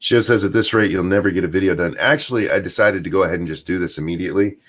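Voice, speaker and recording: A man's voice: low voice, rapid-fire, a bit bright. A man hosting a casual rant stream, sarcastic and crude, rambling with many fillers, still in his morning voice. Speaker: streamer host.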